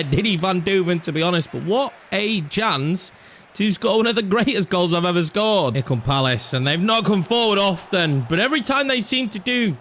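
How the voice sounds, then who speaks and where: A young man commentating over his own football video game, excitable and swinging from low muttering to shouts at chances and goals. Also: a little hiss or hum. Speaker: gaming YouTuber. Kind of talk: live commentary over gameplay.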